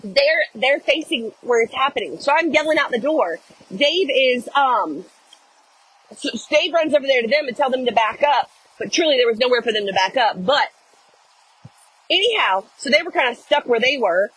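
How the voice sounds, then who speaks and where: A middle-aged woman tells her viewers a story in a casual, animated chat. Her voice sits high, and she keeps saying "y'all". A faint background hum runs under her voice. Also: normal speed, rough recording. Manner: animated, addresses viewers as "y'all", acts out shouting. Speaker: vlogger telling a story.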